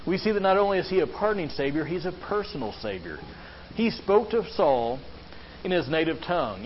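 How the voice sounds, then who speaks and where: A man preaching a sermon as a pastor, earnest, often asking the listeners questions. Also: fairly high pitch. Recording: slightly dull lo-fi sound with faint background hiss.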